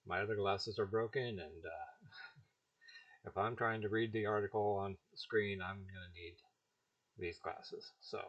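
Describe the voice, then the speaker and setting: A man's voice: fairly low pitch, steady tone, moderate pace, highs cut off. A man hosting his own commentary show, reading an article aloud with frequent stumbles, restarts and casual asides. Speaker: host.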